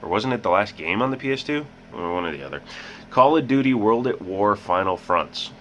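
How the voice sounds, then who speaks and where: A man's voice: fairly low pitch, lively intonation, fairly quick. A man hosting a casual game collection vlog, rambling and making joking asides about himself. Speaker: host. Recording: muffled with loud background hiss.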